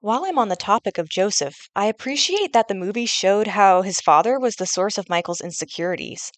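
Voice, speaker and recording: A woman's voice: medium pitch, expressive, a little fast, dry recording. A young woman reading a scripted fan review as a voice-over into a gaming headset, earnest and detailed.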